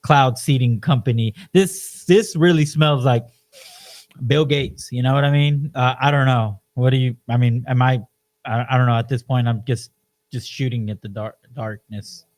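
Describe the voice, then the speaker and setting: A man co-hosting a podcast, talking in an animated, emphatic way and leaning on "you know" as he tells stories. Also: medium pitch, normal speed. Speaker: podcast co-host. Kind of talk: casual podcast chat.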